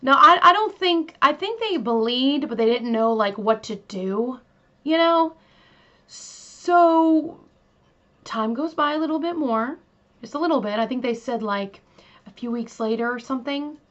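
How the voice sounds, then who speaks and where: The true crime host here has a high, sharp, expressive voice and talks a little slowly. She relates the case chattily and casually, with many fillers and asides to her listeners, on a slightly dull lo-fi recording.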